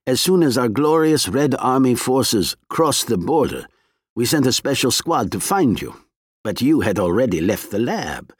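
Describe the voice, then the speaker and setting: A man's voice: medium pitch, big pitch swings, normal speed, no echo, studio quality, pitched above the performer's own voice. A man voicing a genial, coldly polite male Soviet agent in disguise, in an audiobook reading. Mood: genial menace. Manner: polite, smooth, coldly courteous.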